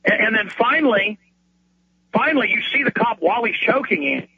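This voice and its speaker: A man's voice: high voice, expressive, breathy edge, no room sound, muffled recording. A man hosting a talk radio show and giving heated commentary, stumbling over repeated words and mocking other people in quoted asides. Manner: rapid, repetitive restarts, mocking put-on quotes.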